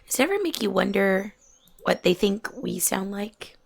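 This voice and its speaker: A young adult woman chatting softly while she plays a game, often dropping to a near whisper. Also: mid-range voice, big pitch swings, normal speed, creaky. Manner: soft-spoken, often drops to a near whisper. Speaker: gaming channel host. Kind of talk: relaxed chat while playing a game.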